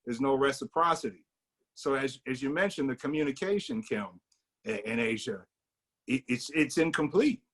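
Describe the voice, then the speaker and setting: A man's voice: mid-range voice, animated, normal speed, a bit bright. A man hosting a casual discussion over a video call, easygoing and affirming, often saying "right, right". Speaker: host.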